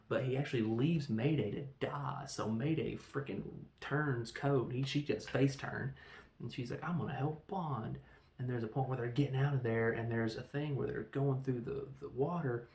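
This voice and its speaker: A man reviewing a film in a casual, rambling way, telling the story with animated, acted-out quotes. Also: mid-range voice, gravelly. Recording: echoey room.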